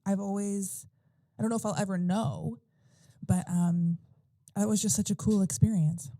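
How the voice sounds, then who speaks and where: A woman talks through a personal story on a casual podcast, circling back, restarting sentences and leaning on fillers. Her voice is warm and relaxed in tone, and the sound is dry and close with no room around it. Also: mid-range voice, normal speed, no echo. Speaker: podcast guest or host.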